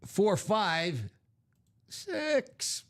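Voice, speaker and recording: A man's voice: sits high, sing-song, extremely slow, fairly bright tone. A middle-aged man hosting a live card-break stream, chatting casually and upbeat and laughing often.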